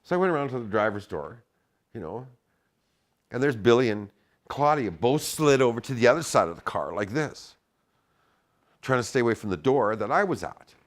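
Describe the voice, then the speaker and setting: A man telling a story in casual chat, animated and profane, acting out the shouted lines. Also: medium pitch, moderate pace, long pauses.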